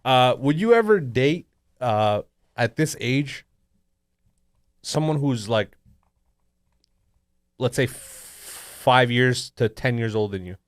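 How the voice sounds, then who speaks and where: A man's voice: medium pitch, lively intonation, takes it slowly, long pauses, dry recording, studio quality. A man in his thirties co-hosting a podcast, teasing his friend in crude, casual banter and laughing often. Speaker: podcast co-host.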